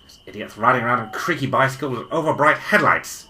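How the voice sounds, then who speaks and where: A woman voicing an excitable male time-travelling weasel doctor in a hobby audio drama, theatrical and bossy. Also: rumbling low, fast talker. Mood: excited. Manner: theatrical, bossy, easily bored.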